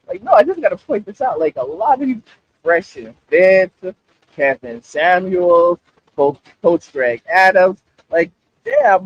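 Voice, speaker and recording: A man hosts a livestream in a high-pitched voice with a breathy edge, speaking a little slowly through lo-fi sound. He's animated and casual, repeating himself as he addresses his chat directly.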